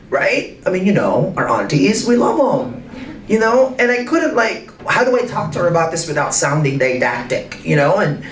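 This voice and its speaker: A man speaking to a live audience in an arts center, emphatic and full of rhetorical questions, his pitch swinging widely. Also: very animated, moderate pace. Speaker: guest speaker in a public conversation. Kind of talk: animated talk to a live audience. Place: arts center event space. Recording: roomy and distant with faint noise.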